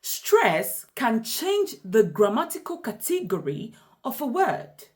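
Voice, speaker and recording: Slow, lively-voiced woman teaching pronunciation. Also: fairly high pitch. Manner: deliberate, emphatic example sentences. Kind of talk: slow explanatory lesson.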